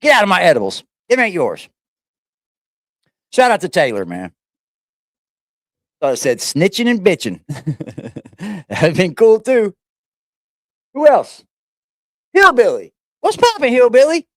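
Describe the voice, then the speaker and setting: This livestream host calls out chat members by name in a slangy, profane, playful roll call from his home. He speaks a little slowly, with long pauses, a high pitch and huge swings in it. A fixed, stabilized camera picks him up in studio quality with no room sound.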